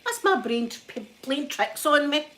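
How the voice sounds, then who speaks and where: Scottish lady doing chatty asmr, giggly storyteller, voice a bit high. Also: lively intonation, moderate pace, sharp tone. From Scotland. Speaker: vlogger. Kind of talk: ASMR chat.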